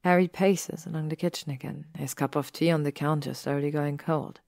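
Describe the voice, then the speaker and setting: A woman narrating an audiobook story in a measured, even way. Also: low-pitched, vocal fry, dry recording, clean studio sound. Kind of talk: audiobook reading of fan fiction.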